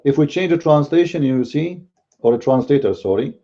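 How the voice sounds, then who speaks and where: Blunt, dark-voiced man with Arabic as first language. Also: fairly high pitch, expressive, brisk, highs cut off. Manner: blunt and combative, speaks bluntly by his own account. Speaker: Christian apologetics commentator. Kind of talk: casual video commentary.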